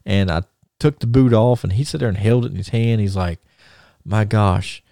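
Gravelly low-voiced man telling stories. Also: brisk, mellow, no echo, clean studio sound. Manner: rambling with many fillers and restarts. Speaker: podcast co-host. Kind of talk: casual storytelling.

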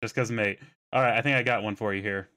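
A man's voice: on the low side, fairly even intonation, quick pace, sharp tone. A man chatting casually as a contestant, telling rambling stories and swearing freely. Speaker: contestant pitching products. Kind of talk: casual comedic chat.

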